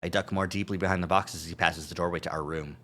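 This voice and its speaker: On a live stream, a male streamer reads a visual novel aloud, breaking off for joking asides and chuckles. His voice sits low with fairly even intonation, and he talks fast in a fairly bright tone.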